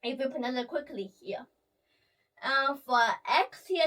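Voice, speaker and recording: A woman teaching letters and sounds while drawing them, repeating each sound slowly and ending phrases with a habitual "here". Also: high-pitched, sharp tone. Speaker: language teacher. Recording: voice slightly distant from the mic.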